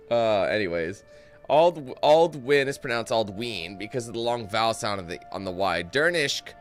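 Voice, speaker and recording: A young man giving casual, joking gameplay commentary, reading in-game texts aloud and breaking off into parody singing. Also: mid-range voice.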